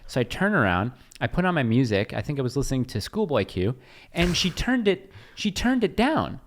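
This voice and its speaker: A man co-hosting a casual podcast, telling an anecdote in an animated way and acting out the dialogue. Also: mid-range voice, brisk, slight background noise. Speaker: podcast co-host.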